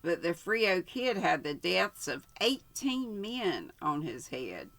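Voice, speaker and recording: An older woman, the channel host, reading a story aloud casually, unhurried and stopping to correct herself. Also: fairly low pitch, sing-song, fairly bright tone.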